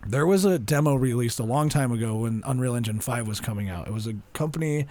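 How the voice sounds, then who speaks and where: A young man co-hosting a podcast, chatting casually and acting out what people said in lively voices. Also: medium pitch, fast, dry recording. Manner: animated storyteller, acts out quotes in voices. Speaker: podcast co-host.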